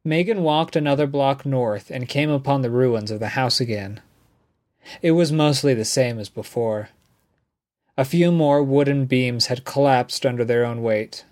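Man narrating a novel at mid pitch. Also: a little mellow. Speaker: audiobook narrator. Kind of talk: scripted narration.

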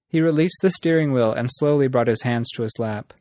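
A man narrating a story in an even, measured reading. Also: mid-range voice, dry recording, clean studio sound. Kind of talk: audiobook narration.

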